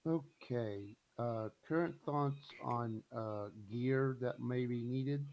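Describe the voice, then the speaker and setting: A man talks very slowly and deliberately, pausing with ums as he lists options. His voice sits in a middle range and comes through a dull, lo-fi mic. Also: medium pitch. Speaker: player. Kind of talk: casual tabletop chat.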